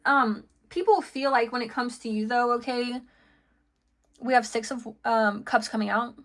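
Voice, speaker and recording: A woman's voice: fairly high pitch, moderate pace, a bit bright, soft background music. A woman giving a casual tarot reading, rambling and chatty with lots of fillers and restarts, laughing between thoughts. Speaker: tarot reader.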